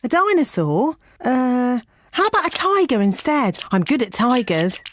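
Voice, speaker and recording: Busy rabbit face painter, bright and chatty, higher voice. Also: female voice, big pitch swings, a little slow, slight background noise. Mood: cheerful.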